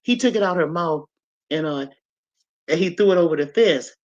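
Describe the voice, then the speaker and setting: A woman hosting a livestream, chatting casually with viewers and telling animated, colloquial stories. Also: lowish voice, moderate pace, highs cut off. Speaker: livestream host. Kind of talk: casual chat and storytelling to viewers.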